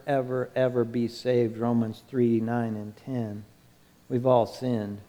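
A man's voice: medium pitch, flat delivery, unhurried, a little mellow. A male pastor preaching a sermon with an impassioned, rising and falling cadence and lots of repetition. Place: church sanctuary. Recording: long hall reverb with music underneath.

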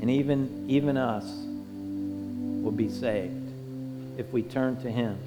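A man's voice: medium pitch, slow, dull audio. A male pastor preaching a sermon with an impassioned, rising and falling cadence and lots of repetition. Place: church sanctuary. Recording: long hall reverb with music underneath.

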